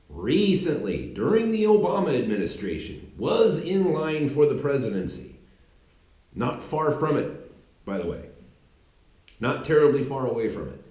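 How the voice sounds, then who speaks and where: A man's voice: medium pitch, a little mellow. Rambling man in an echoey room. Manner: rambling, many restarts and filler words, mocking. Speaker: commentary channel host. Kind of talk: casual political commentary monologue.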